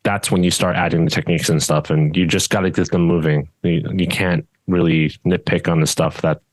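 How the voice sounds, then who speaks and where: Deep-voiced man in casual podcast chat. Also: fairly quick, no echo. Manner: steady tone that does not rise even when louder; rambling, with many restarts and fillers. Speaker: judo instructor and podcast co-host.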